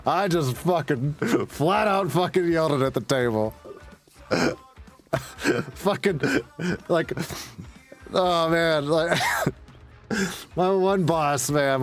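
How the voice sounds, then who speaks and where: A man's voice: fairly high pitch, measured pace, long pauses. Young guy streaming a game, cussing and laughing through a story, light music under it. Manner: blunt, profane, laughs often. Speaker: gaming streamer. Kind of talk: casual storytelling while gaming.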